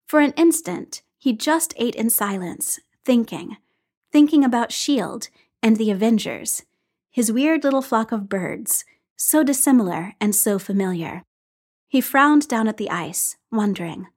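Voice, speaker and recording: A woman's voice: medium pitch, animated, normal speed, slightly rough. Woman reading a story aloud. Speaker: story reader. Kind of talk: reading fan fiction aloud.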